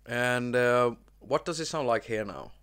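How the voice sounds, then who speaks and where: A man hosting a relaxed live stream, talking at a middling pitch. He rambles and restarts his sentences, with plenty of ums along the way. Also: unhurried, smooth. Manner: rambling, many fillers and restarts. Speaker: host. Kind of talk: casual live-stream chat.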